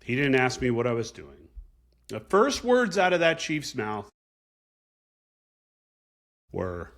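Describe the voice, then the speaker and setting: A man's voice: mid-range voice, huge pitch swings, slow, pauses often, a bit bright. A man hosting a podcast, telling a personal story in an earnest, reflective way. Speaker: podcast host.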